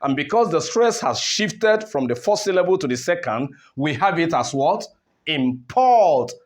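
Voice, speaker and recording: Animated man teaching stress. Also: fairly high pitch, moderate pace. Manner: rhetorical questions, repeats words with stress contrasts. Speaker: English teacher. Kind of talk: classroom lesson on word stress.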